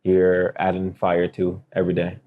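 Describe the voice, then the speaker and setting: A man's voice: low-pitched, completely flat delivery, normal speed, narrow, tinny audio. A young man co-hosting a casual podcast, laid-back and joking. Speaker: podcast co-host. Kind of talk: casual chat.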